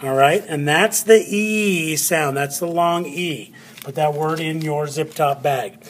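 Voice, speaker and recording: A male teacher with a fairly high, slightly husky voice takes a class through a phonics lesson. He speaks slowly, drawing out words, spelling letters aloud and repeating words to stress a syllable. Now and then he moves away from the mic while writing.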